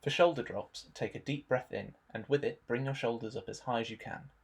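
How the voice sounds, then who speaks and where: A young man narrating a stretching warm-up demonstration in a relaxed instructional voice-over, adding dry jokes. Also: medium pitch, a little fast, vocal fry, slightly rough. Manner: dry, joking asides.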